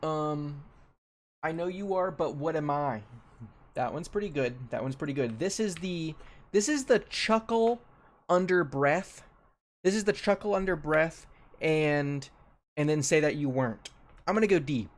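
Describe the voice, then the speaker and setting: Offhand young man, voice sits a bit high. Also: a little slow. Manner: repeats his phrases, loose and offhand. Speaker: streamer ranking a tier list. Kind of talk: casual commentary.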